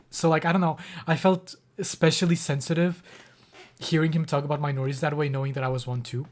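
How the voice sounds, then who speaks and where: A young man with a highish voice talks fast while streaming live. He rambles through a personal story, emotional and near tears, with lots of fillers and restarts.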